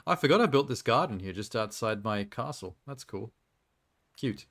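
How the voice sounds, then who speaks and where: A man streams a building game and chats casually, joking and laughing often. His voice is medium-pitched and fairly bright, animated, and at a moderate pace.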